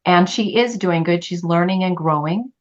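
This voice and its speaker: A woman's voice: on the low side, moderate pace, dull audio. A middle-aged woman in a group chat, speaking earnestly and openly about her feelings. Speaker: study group member. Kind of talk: casual group chat on a call.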